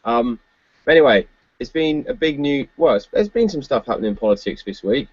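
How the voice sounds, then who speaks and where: A man in the middle of his range chats casually about the news, laughing often and filling pauses with "um". The sound is muffled and dead dry, with no room around it. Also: medium pitch, expressive, breathy edge, no echo. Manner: chatty, laughs often, many fillers. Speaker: podcast co-host. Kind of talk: casual political chat.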